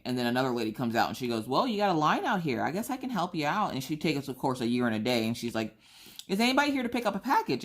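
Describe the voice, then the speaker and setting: Low-voiced woman telling a story. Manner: animated storyteller acting out other people's lines. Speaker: crafting vlogger. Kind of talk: casual storytelling chat.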